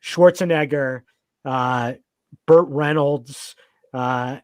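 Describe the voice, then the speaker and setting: A man's voice: mid-range voice, very slow, a little mellow, clean tone, no room sound. A man in casual podcast chat, talking with enthusiasm and rambling through many fillers and restarts.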